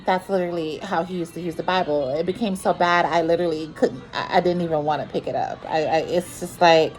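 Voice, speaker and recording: A woman's voice: lowish voice, steady tone, fairly quick, faint music behind, rough recording. A woman telling a personal story in a vlog, earnest and repetitive, with many restarts. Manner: earnest, repeats herself, many restarts and fillers.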